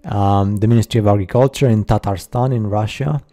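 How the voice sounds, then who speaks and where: A man narrating a slideshow in a casual, halting way, full of fillers and skeptical asides. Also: lowish voice, warm tone. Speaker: video narrator.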